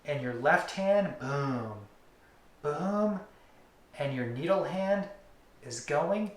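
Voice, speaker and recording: Man demonstrating with rhythmic, drawn-out emphasis. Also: on the high side, expressive, roomy sound. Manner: rhythmic, drawn-out emphasis, drops to near-whispers on repeated words. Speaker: acupuncture teacher. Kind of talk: instructional demonstration.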